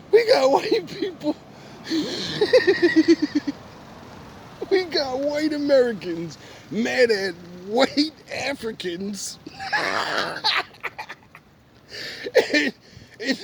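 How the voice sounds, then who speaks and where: Animated high-voiced man ranting, laughing. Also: a little hiss or hum. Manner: laughs often between lines, profane slang; animated, mocking. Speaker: vlogger. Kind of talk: casual rant to camera.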